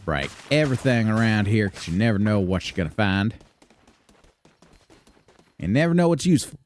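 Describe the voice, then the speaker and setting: A man's voice: on the low side, expressive, moderate pace, slight background noise. A young man streaming a game, chatting casually and swearing freely in a put-on Southern drawl. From Michigan, raised largely in the US South. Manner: profane, laid-back, chatty. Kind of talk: casual live gameplay commentary.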